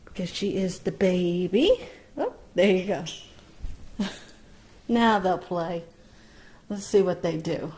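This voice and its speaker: A woman parrot breeder talking casually about her baby birds and gently coaxing them with sing-song encouragement. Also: fairly low pitch, expressive. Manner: slow, gentle, coaxing, with frequent laughs. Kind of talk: casual vlog narration and baby-talk to birds.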